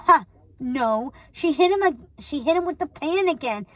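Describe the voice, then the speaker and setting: A woman voicing a giddy, mischievous witch sister who talks in an excited, giggly way. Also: high voice, normal speed, far from the mic. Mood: gleeful.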